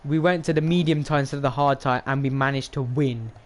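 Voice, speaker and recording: A young man, commentating his racing game on a live stream, excitable and rambling as he talks to chat. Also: medium pitch, fast talker.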